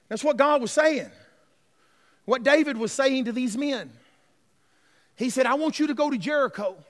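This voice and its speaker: A man's voice: very high-pitched, in a large hall. A male pastor preaching a sermon, emphatic and repetitive, calling out to his congregation. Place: church sanctuary.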